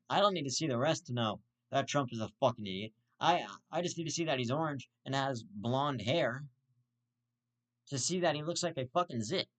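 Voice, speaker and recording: This man rants blunt, profanity-laced commentary as host of his own show. His voice sits at an ordinary middle pitch, and he keeps hammering the same points again and again. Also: a bit bright. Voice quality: blunt, profane and repetitive, circling back to the same insult.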